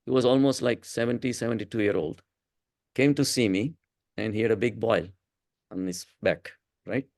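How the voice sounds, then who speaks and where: An older man with an Indian English accent tells stories in a relaxed spiritual talk, his voice carrying a gravelly fry. The sound is close and dry, with no room around it. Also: on the low side, moderate pace, pauses often, no room sound. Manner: anecdotal, chuckling storyteller with frequent restarts. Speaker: spiritual talk speaker, physician.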